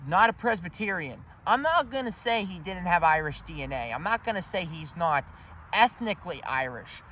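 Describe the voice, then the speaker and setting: High-voiced man lecturing outdoors. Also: expressive, moderate pace, a little hiss or hum. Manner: emphatic, rambling, addresses viewers as ladies and gentlemen. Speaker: history vlogger. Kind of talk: walk-and-talk history vlog. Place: outdoor cemetery.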